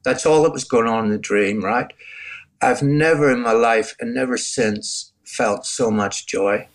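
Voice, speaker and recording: A man's voice: medium pitch, unhurried. Reflective Northern Irish man in his sixties. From Northern Ireland. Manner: reflective, gets choked up, laughs softly. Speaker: guest telling his testimony. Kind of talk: interview testimony.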